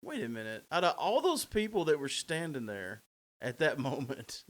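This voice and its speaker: A man's voice: fairly high pitch, big pitch swings, normal speed. Laughing self-mocking male podcast host. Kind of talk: casual chat.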